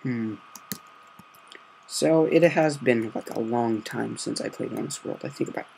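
Quiet, gravelly-voiced man narrating gameplay. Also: a little slow, slight background noise. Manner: quiet, low-key, meandering. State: slight sore throat. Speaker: gaming video host. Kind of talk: hushed let's-play commentary.

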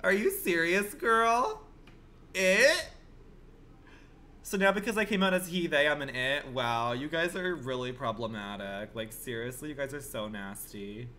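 A man's voice: mid-range voice, normal speed, few pauses, pushed and bright. A man streaming a game live, talking to his viewers in a dramatic, exclamatory and profane way. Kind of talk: casual live gaming commentary.

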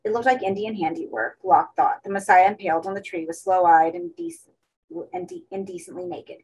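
A woman reading a horror story aloud as an audiobook, in steady narration. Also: lowish voice, brisk, a little hiss or hum, rough recording. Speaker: audiobook reader.

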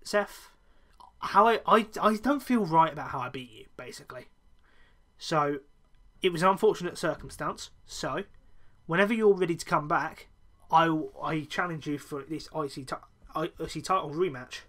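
A podcaster voicing a wrestler who lays down a calm, earnest challenge to a rival. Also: mid-range voice, moderate pace, close to an everyday voice.

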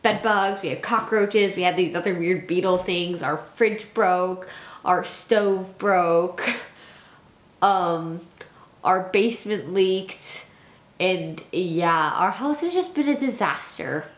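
Taking her time in a lowish voice, a young woman chats loosely with her audience in a vlog, meandering and leaning heavily on fillers like "like" and "um." It sounds recorded in an echoey space with a little noise.

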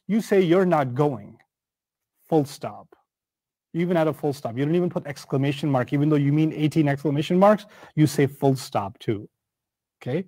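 A middle-aged man teaching a scripture lesson in a conversational, animated way, acting out everyday examples. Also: high voice, no room sound. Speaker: Quran teacher. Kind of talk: explanatory lecture on scripture.

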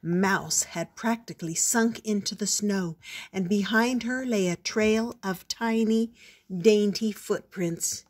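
An older woman reading a picture book aloud in a slow, gentle storytelling manner. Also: medium pitch.

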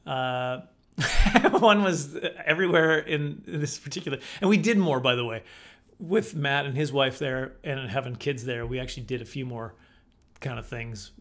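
A middle-aged man doing stand-up comedy, telling stories in an animated, self-deprecating way. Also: mid-range voice, moderate pace.

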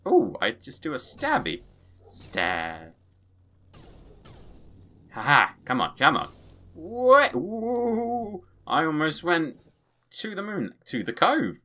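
A man giving excitable, playful let's play commentary as a gaming channel host, tossing in his own sound effects. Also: a little high, moderate pace.

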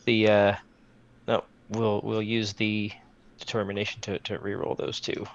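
A man's voice: fairly low pitch, completely flat delivery, a little slow, muffled recording. A man playing a tabletop role-playing game, talking casually and muttering asides while he rolls. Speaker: player.

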